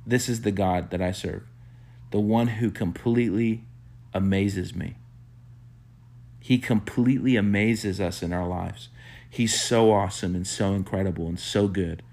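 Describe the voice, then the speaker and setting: A man preaching a sermon, telling a story with animated quoted bursts and soft hushed reflective asides. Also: a little slow. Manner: animated storyteller, acts out quotes with sudden high-pitched bursts. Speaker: pastor.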